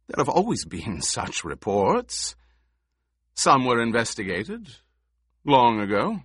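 A man's voice: mid-range voice, huge pitch swings, takes it slowly, husky, dry recording, clean studio sound, heavily acted. A man playing a fat old baron who protests in a flustered, deferential way, in an audiobook. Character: fat old baron, blustering yet fawning.

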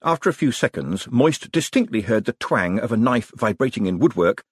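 Husky man narrating an audiobook. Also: mid-range voice, sing-song, moderate pace, no echo, clean studio sound.

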